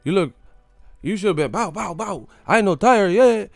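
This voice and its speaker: A man putting on a loud, brash Dominican man who mocks a boxer. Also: high-pitched, lively intonation, moderate pace, vocal fry, no room sound, studio quality, soft background music, pitched above the performer's own voice. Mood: mocking. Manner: brash, mocking, shouting.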